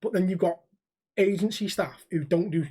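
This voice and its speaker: A man's voice: high voice, moderate pace, dark tone, slightly rough. A young man, co-hosting a podcast and telling stories in casual chat, swearing freely and acting out the people in them. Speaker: podcast co-host.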